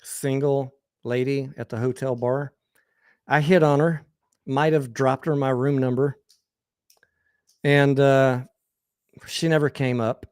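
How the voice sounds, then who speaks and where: A man's voice: mid-range voice, fairly even intonation, slow, long pauses, darkish tone, clear, resonant tone, no echo, clean studio sound. A man with an American accent hosting a livestream, telling crude, rambling personal anecdotes in a candid, casual way with frequent restarts. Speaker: host.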